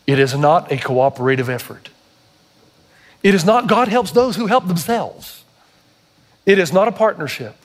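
A man's voice: sits high, lively intonation, normal speed, pauses often. A pastor preaching a sermon, emphatic and putting questions straight to his congregation.

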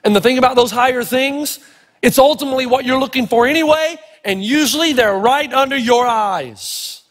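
A middle-aged man preaches with a strikingly high voice and tells stories in an animated, playful way. His words ring out in a large hall with a long reverb tail. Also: normal speed. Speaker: pastor. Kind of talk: sermon.

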